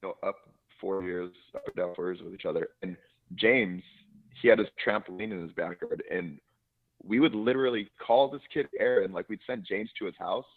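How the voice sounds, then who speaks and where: A man's voice: sits low, a little fast. A man co-hosting a casual podcast chat who rambles, swears freely and laughs often. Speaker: podcast co-host. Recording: tinny phone-like sound.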